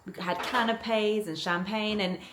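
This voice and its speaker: A woman's voice: medium pitch, steady tone, measured pace. Chatty woman in echoey kitchen. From London. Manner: chatty, bubbly, rambling with restarts. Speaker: vlogger. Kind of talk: casual chat vlog. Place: home kitchen. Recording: echoey kitchen with background noise. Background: cooking sounds.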